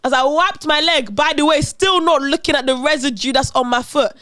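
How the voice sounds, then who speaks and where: A young woman tells a story on her podcast. Her voice sits high, and the recording is dry and close. She tells it with lively, dramatic energy. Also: brisk, dry recording. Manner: animated, dramatic retelling with laughter. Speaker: podcast host. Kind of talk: casual storytelling chat.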